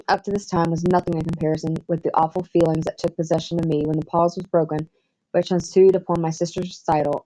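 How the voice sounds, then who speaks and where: A woman with a Southern US accent reading a classic novel aloud in measured, expressive scripted narration. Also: on the low side, rough recording. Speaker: audiobook narrator.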